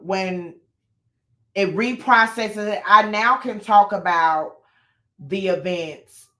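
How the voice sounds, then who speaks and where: A woman hosting a casual live chat from home, talking easily with frequent ums and pauses. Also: lowish voice, sharp tone.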